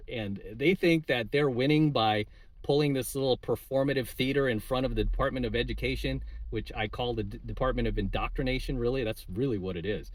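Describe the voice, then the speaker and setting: A medium-pitched man with no room sound around him hosts his coaching-video channel. He rants indignantly and casually about politics to camera, tacking "right?" onto lines and filling with "uh" and "like."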